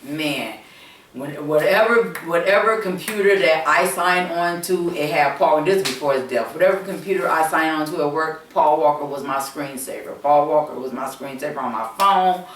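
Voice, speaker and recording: A woman's voice: low-pitched, moderate pace, distant mic, slight background noise. A woman host chatting casually to her viewers, rambling and repeating herself with plenty of fillers. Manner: rambling, repetitive, many fillers, addresses viewers directly. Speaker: channel host. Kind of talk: casual storytelling chat. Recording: roomy echo, speaking away from the mic.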